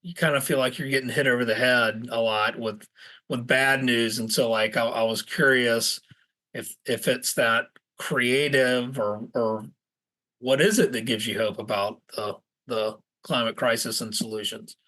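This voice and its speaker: Halting, friendly-sounding male podcast host. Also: mid-range voice, fairly even intonation, sharp tone. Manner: halting, restarts often while forming questions. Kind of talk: conversational interview questions.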